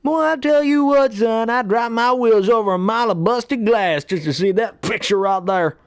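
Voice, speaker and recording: A goofy, friendly cartoon tow truck played by a man, talking high and twangy with a rustic drawl. He rambles along in folksy bursts, well above the performer's own pitch. The take is close and dry. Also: normal speed, smooth, dry recording, close to an everyday voice.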